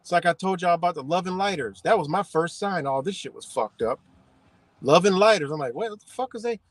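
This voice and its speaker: A man rants on a casual livestream from behind the wheel of his car. His voice sits a touch high and sounds dry and close, and his talk is profane, animated and rambling. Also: fairly quick, dry recording. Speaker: livestream host.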